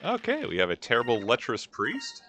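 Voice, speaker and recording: A man's voice: mid-range voice, huge pitch swings, a little fast, sharp tone, a little hiss or hum. Sardonic man riffing over a game. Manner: sardonic, jokey and rambling. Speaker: let's-play host. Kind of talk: casual gameplay commentary.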